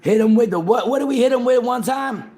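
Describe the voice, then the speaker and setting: High-voiced excitable streamer guy. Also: fast talker. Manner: excitable, profane, repeats himself, talks over others. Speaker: livestream host. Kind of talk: casual livestream chat.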